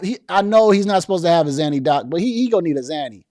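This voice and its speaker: A man's voice: a little high, lively intonation, very fast, few pauses, darkish tone, no room sound, studio quality. A man hosting a casual political commentary stream, reading viewer comments and talking loosely with slang, frequent restarts and repeated words.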